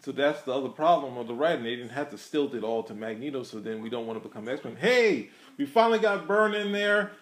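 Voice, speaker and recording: A man at a mid pitch talks his way through his points, trailing off and restarting as he goes. His delivery is loose and conversational. The echo of the room surrounds his voice. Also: expressive, quick pace, hardly any pauses. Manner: rambling, hesitant, many restarts and fillers. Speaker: podcast co-host. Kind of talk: casual film discussion. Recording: echoey room.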